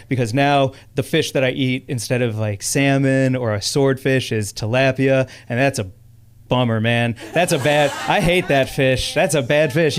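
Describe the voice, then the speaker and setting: A man in his thirties from Chicago performing a stand-up comedy set on a comedy club stage, animated and laughing through his lines. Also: mid-range voice, smooth.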